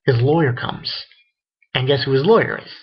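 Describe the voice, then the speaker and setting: With a medium-pitched, breathy-edged voice at a moderate pace, this man loosely recaps an anime episode as a reviewer. He rambles, curses a lot, and leans heavily on fillers, all on a dull, lo-fi recording.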